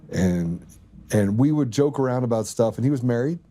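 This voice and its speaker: A man's voice: on the low side, lively intonation, brisk, mellow. A man hosting a podcast, chatting casually and telling a story while laughing often and acting out quoted dialogue. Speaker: podcast host. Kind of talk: casual chat.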